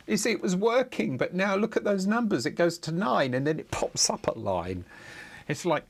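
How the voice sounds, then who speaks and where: In a high, animated voice at moderate pace, a middle-aged man chats casually on a live coding stream. He rambles and chuckles, using plenty of fillers and restarts, muttering with exasperation as he debugs.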